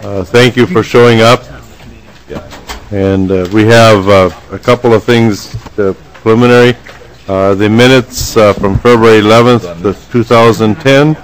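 A man chairing a legislative committee meeting in a formal, halting way, pausing often on fillers. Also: on the low side, steady tone, clear, resonant tone, poor audio. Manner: halting, frequent filler pauses.

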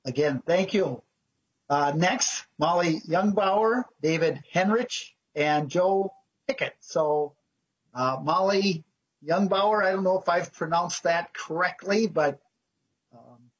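A man with a very breathy voice chairs a committee hearing, thanking and calling witnesses politely and briefly. The audio is muffled and lo-fi. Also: sits high, slow.

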